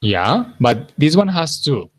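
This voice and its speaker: A man with a Colombian accent teaching an English class, patient and encouraging, correcting students slowly. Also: a little high, big pitch swings.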